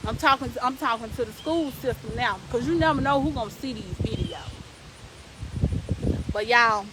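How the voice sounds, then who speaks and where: Young woman streamer, slightly high voice, fervent preachy delivery that repeats lines for emphasis, faint background noise. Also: expressive, moderate pace. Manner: emphatic, repetitive, preaching to viewers. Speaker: live-stream host. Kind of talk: preachy motivational live-stream talk.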